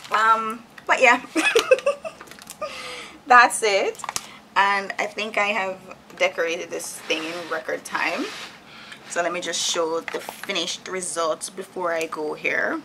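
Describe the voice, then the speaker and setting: A woman's voice: fairly low pitch, unhurried, gravelly, noisy background. A woman in her thirties from Jamaica, chatting candidly and laughing often as she talks through her plans in a casual vlog at home. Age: 30s. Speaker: vlogger. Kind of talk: casual chat while decorating.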